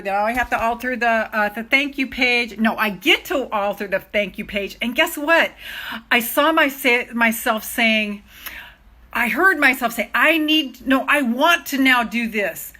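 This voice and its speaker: Middle-aged woman, life coach, chatty live stream to followers, bubbly and keyed up, a bit high-voiced. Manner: gushing, excitable, laughs often, talks straight to viewers. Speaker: self-love coach hosting a live stream.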